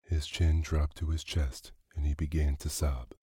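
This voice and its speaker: A man narrating a bedtime story in a slow, even, soothing reading. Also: a bass voice, slightly rough, no echo, studio quality.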